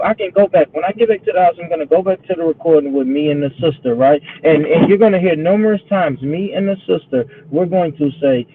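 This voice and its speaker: A man hosting a live stream, arguing loudly and passionately and calling others "brother". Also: on the high side, fast, hardly any pauses, a little hiss or hum. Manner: loud, passionate, repeats "brother". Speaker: livestream host. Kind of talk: heated debate on a live stream. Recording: tinny phone-line audio.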